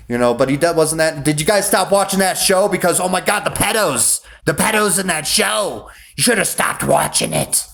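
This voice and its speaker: A man's voice: a little high, moderate pace, vocal fry, a bit bright. A man delivering a casual, rambling monologue to his viewers, cursing freely and restarting his sentences often. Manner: rambling, profane, many restarts. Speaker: vlogger.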